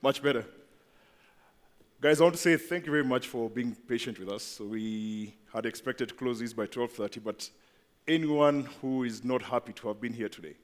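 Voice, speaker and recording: A man's voice: medium pitch, normal speed. Chatty presenter man in a reverberant hall. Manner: chatty, engages audience with questions. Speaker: company speaker at event. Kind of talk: presentation to audience. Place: large event hall.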